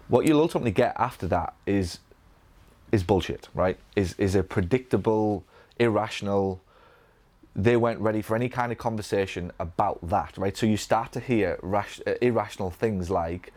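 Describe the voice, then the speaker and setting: Lowish-voiced man coaching a live room. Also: a little fast. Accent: Northern English. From England. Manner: energetic, repetitive restarts, acts out patient dialogue. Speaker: physio business coach. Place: event room.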